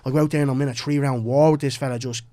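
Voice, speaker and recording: A man's voice: mid-range voice, steady tone, racing, mellow, no echo. A young Irish man speaking as a guest, chatting loosely with lots of "bro" and "you know what I mean". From Ireland. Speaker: guest, cage fighter. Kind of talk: casual podcast chat.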